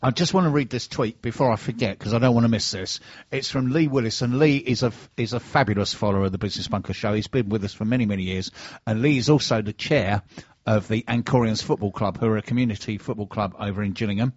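A man's voice: fairly low pitch, fast, dry recording, dull audio. A man hosting a radio show, chatting casually and trading jokey, teasing banter.

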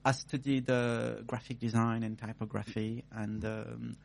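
A middle-aged man from the south of France with a French accent, a guest talking about his business in a measured, slightly hesitant way. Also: medium pitch, completely flat delivery, vocal fry, no room sound. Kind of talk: radio interview.

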